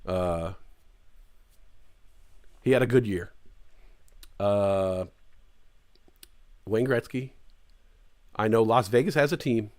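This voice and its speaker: A man's voice: lowish voice, slow pace, long pauses, a little mellow. A middle-aged man from California's East Bay hosting a casual live-stream morning show, rambling and joking. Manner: rambling, joking, puts on tough slang voices.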